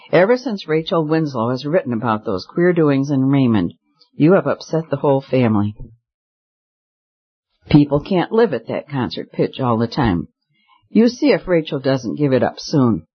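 A man's voice: mid-range voice, breathy edge. A man voicing a spoiled, bored rich young woman who talks carelessly and with petulance, in a slightly muffled recording.

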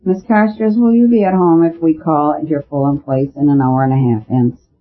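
A man voicing a quiet, shrewd male priest who speaks calmly and patiently in a storybook reading. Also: on the high side, normal speed, lightly acted. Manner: calm, gloomy, patient. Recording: narrow phone-like sound.

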